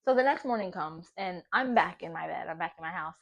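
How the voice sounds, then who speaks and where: A young woman vlogger chatting casually while baking at home, animated and profane, laughing often as she talks. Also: fairly low pitch, brisk, creaky.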